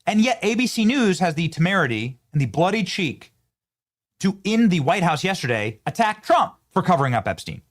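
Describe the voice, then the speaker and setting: Male show host, animated pitch, emphatic, sarcastic delivery. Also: moderate pace. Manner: emphatic, sarcastic rhetorical questions. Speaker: political commentary show host. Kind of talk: opinionated commentary.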